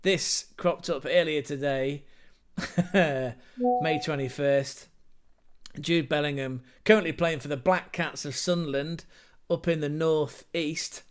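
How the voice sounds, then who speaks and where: Young male football host, slightly high, smooth and clear, chatty and jokey. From England. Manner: chatty, jokey and animated, with quick asides. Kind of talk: casual commentary.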